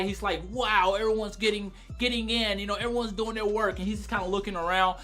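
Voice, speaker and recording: Excitable crude male reviewer, bright voice. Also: sits high. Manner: animated, crude and excitable, often breaking into loud exclamations. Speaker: anime reviewer. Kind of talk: casual spoken review.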